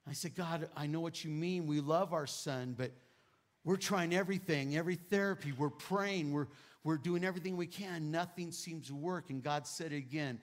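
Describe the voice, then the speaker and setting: A middle-aged male pastor preaching a testimony, moving between hushed quoted prayers and loud exclamations. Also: a little high, moderate pace. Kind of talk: sermon testimony.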